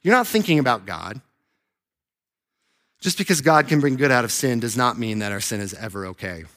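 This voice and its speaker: A young adult male pastor preaching a sermon in a conversational, animated way, acting out quoted voices. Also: mid-range voice, moderate pace.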